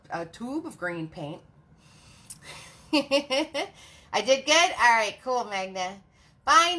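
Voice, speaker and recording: A woman hosting a live painting class, chatting warmly with viewers, laughing often and talking through each brushstroke. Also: mid-range voice. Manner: friendly, laughs often, narrates each step. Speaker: paint party host and art instructor.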